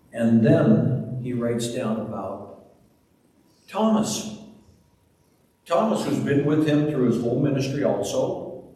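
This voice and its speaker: A pastor delivers a slow, deliberate sermon and retells scenes with drama. His voice carries through a long, reverberant church hall. The mic sits well away from him, with faint room ambience behind. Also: on the low side, mellow, distant mic, a little hiss or hum.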